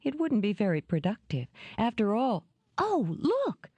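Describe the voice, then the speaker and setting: A woman's voice: medium pitch, very animated, normal speed, mellow, no echo, pitched above the performer's own voice. A woman reading an audiobook, voicing a playful young woman who talks in an eager, teasing way.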